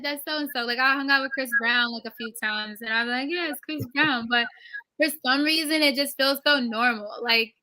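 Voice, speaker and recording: A young woman with a high, bright voice tells stories in a casual interview. She talks in an animated way, jumps into quoted voices and leans on fillers as she goes. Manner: animated, acts out quoted lines, many "like" fillers. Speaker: actress guest.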